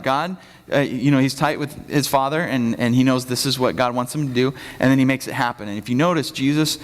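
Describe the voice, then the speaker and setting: A man's voice: mid-range voice, a little fast. A man preaching a conversational sermon as the pastor of a church, telling the story casually and acting out the quotes. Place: church sanctuary. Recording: reverberant church hall.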